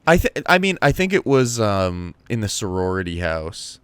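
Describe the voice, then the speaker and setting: A young man co-hosting a podcast, chatty and quick to laugh at himself. His smooth voice moves up and down in pitch. He is recorded dry on a close mic. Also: big pitch swings, fairly bright tone, dry recording. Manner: chatty, laughing, self-deprecating. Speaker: podcast co-host. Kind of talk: casual chat.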